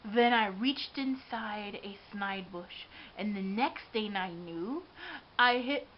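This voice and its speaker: A woman giving an expressive, dramatic read-aloud of a children's storybook. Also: medium pitch, slow pace. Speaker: storybook reader. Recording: dull lo-fi with faint hiss.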